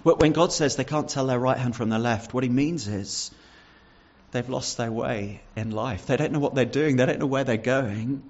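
A man's voice: medium pitch, normal speed, darkish tone. Earnest male preacher, muffled sound. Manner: earnest, reads Bible verses aloud and explains them; repeats words and restarts with fillers. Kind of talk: sermon.

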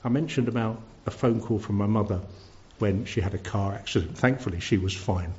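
A man's voice: fairly low pitch, a little fast, darkish tone. A man preaching a sermon at a church service, earnest, stumbling over repeated words when stressed. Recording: dull lo-fi recording.

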